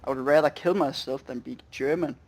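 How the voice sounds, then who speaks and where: A man's voice: medium pitch, darkish tone, a little hiss or hum. A man speaking English, trading profane, mocking banter with teammates in a game voice chat. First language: Danish. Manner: swearing, mocking, quick to argue. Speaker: gamer in team voice chat. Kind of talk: casual gaming banter.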